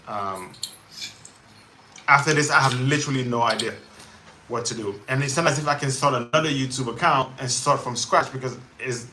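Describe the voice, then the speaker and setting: A man's voice: medium pitch, pushed and bright, a little hiss or hum. A man hosting a live chat stream, venting about his frustrations and stumbling through many restarts. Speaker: livestream host. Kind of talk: casual live-chat talk.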